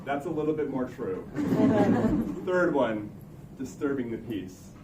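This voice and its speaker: A man's voice: medium pitch, lively intonation, unhurried. A young man, telling a comic personal story on stage in a wry, suspense-building way. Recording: echoey room, distant mic, background noise. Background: room ambience noise.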